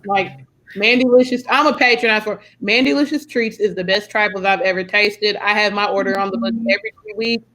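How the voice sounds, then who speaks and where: A woman's voice: mid-range voice, fairly even intonation, a little fast, sharp tone, poor audio. Chatty American woman hosting a podcast. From United States. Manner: chatty, friendly, lots of fillers. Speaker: podcast host. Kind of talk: casual video-call podcast chat.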